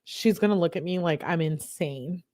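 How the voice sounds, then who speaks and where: Young woman, casual chatty commentator, quick to giggle. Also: lowish voice, warm tone. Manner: giggly, chatty, jokes between readings. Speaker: true-crime commentator reading texts aloud. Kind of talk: casual commentary, reading texts.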